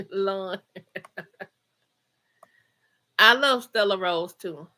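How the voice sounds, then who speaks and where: Here a livestream host, a middle-aged woman with a Georgia Southern accent, draws out her words in a medium-pitched, bright, forceful voice. She chats casually with viewers at home and reads their live comments aloud, laughing often and slipping in Southern slang.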